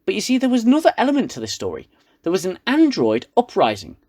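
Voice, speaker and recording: A man's voice: high voice, huge pitch swings, fast talker, darkish tone. A man with a British accent giving a sarcastic, rambling comedic recap of a TV episode. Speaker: reviewer.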